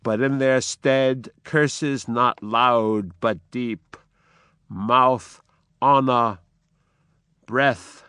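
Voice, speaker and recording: A man voicing a defiant, doomed tyrant king, reciting his lines slowly in a raised declamatory voice. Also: medium pitch, steady tone, a bit bright, clear, resonant tone, no room sound, studio quality.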